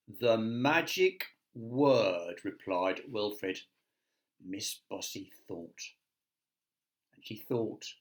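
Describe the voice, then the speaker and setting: A man, a teacher, reading a picture book aloud to children with chatty asides to his listeners. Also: medium pitch.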